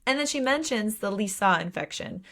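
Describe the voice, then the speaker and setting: A young woman co-hosting a book podcast, recapping chapters in a lively, casual way, swearing freely and acting out quotes. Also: medium pitch, fairly quick. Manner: animated retelling with acted quotes and swearing. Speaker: podcast co-host.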